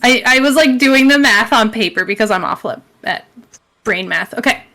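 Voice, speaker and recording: A woman's voice: a little high, lively intonation, pushed and bright. A woman narrating as game master, casual and chatty. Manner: casual, chatty, quick to laugh.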